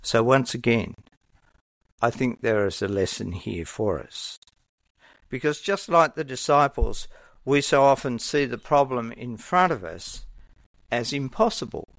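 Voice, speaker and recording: A man preaches a sermon at an unhurried, deliberate pace. His delivery is earnest and measured, and he briefly acts out the voices of characters. The sound is close and dry, with no room echo. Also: mid-range voice, lively intonation, a bit bright.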